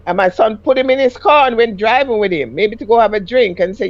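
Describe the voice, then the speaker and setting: A woman's voice: a little high, lively intonation, a little fast, few pauses, no room sound, lo-fi sound. A middle-aged woman with a Jamaican accent, a caller telling a personal story in rambling casual speech that rises sharply when she quotes herself.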